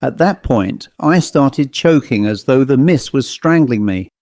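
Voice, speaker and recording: A man reading a ghost-story audiobook aloud as its first-person narrator, in a steady, measured way. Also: medium pitch, no room sound.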